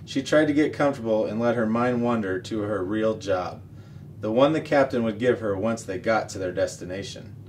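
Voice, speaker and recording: A man reading a children's novel aloud as the show's regular reader, steady and expressive. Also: on the low side, normal speed. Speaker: story reader. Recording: distant mic, faint noise.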